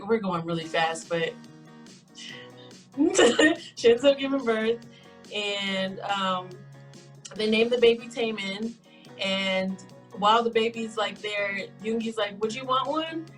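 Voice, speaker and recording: A woman's voice: medium pitch, a bit bright, poor audio. Chatty woman co-host, faint music behind. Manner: rambling, acts out quoted lines in brief voices. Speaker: podcast co-host. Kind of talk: casual chat retelling a story.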